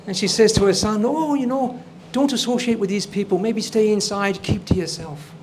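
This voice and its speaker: A man hosting a comedy show and telling jokes in an upbeat, lively way. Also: sits high, brisk. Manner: upbeat, lively joke delivery. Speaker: show host.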